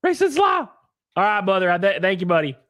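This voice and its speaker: A man hosting a live stream, chatting casually and joking loudly with viewers while sick and sniffly. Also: high voice, fairly even intonation, rapid-fire, clean tone, dry recording, studio quality. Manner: rowdy, jokey, loud exclamations and laughs. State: sick and sniffly, stuffed nose.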